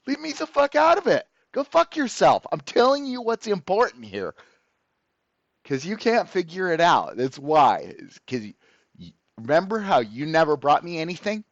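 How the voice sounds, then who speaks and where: A man's voice: mid-range voice, dry recording. An exasperated man vents to his viewers, swearing and sneering as he goes. His voice swoops up and down with a lot of movement. It comes through a dry, dull, lo-fi recording with no room sound. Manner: profane, sarcastic, exasperated. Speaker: channel host. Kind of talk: ranting to camera.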